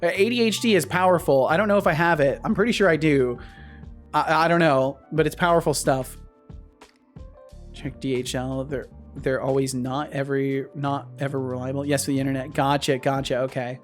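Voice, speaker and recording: A man's voice: medium pitch, moderate pace, soft background music. Man thinking aloud while coding. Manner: thinks aloud, repeats and restarts phrases. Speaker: streamer and game developer.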